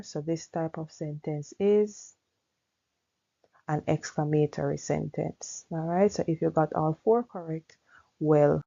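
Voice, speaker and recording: A woman English teacher giving an unhurried grammar lesson, explaining step by step and often checking in with "all right". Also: low-pitched, vocal fry, dark tone, lo-fi sound.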